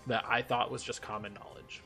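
A man playing a tabletop role-playing game, talking in a measured, easy way. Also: mid-range voice, little pitch movement, sharp tone, faint music behind. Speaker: player.

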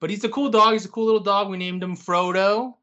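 Chatty young male co-host, higher voice. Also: steady tone, quick pace, bright, forceful tone, smooth, lo-fi sound. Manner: easygoing, chatty, with many fillers. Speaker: podcast co-host. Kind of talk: casual chat.

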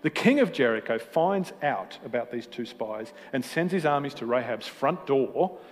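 A man preaching a sermon with passion, swinging between emphatic peaks and quiet moments, with self-deprecating humor. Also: medium pitch, lively intonation, normal speed. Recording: hall reverb with faint music.

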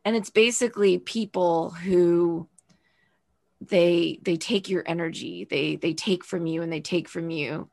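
A woman's voice: fairly low pitch, steady tone, a little slow, gravelly, darkish tone, no room sound. A woman podcast host from the US South, talking earnestly and thoughtfully with a guest in a casual interview.

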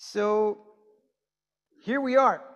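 A high-pitched male pastor gives an easygoing, conversational sermon, tossing questions to his listeners. His voice rings out with a long reverb in a church hall. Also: steady tone, very slow, highs cut off. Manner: chatty, asks the congregation questions.

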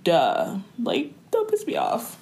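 A woman's voice: a little high, wildly swooping pitch, takes it slowly, vocal fry, darkish tone. A woman chatting casually about a TV show, blunt and dismissive, peppering her talk with literally and like. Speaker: co-host recapping a TV series. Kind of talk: casual chat.

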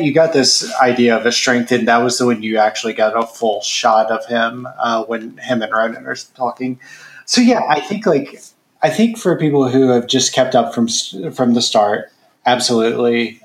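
A man's voice: mid-range voice, normal speed. Hesitant man in a roomy echo. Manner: hesitant, many restarts and fillers. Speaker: podcast co-host. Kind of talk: casual podcast chat.

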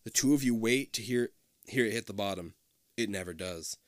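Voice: medium pitch, moderate pace, no room sound, clean studio sound. A podcast co-host reading a choose-your-own-adventure book aloud in a casual, comedic way, swearing freely and laughing often. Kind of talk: casual comedic read-aloud with crude asides.

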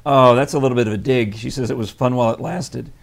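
A man's voice: mid-range voice, fairly even intonation, fast talker, gravelly. A man with a scratchy throat from allergies, co-hosting a casual radio chat, rambling and laughing often. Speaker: radio show co-host. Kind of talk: casual morning-show chat.

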